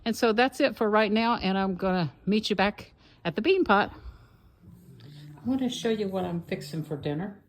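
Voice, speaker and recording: Walking through her yard and later cooking in her kitchen, an older Appalachian woman from Kentucky chats casually for her home vlog, slightly out of breath. She rambles in a homey way with a medium-pitched voice at normal speed.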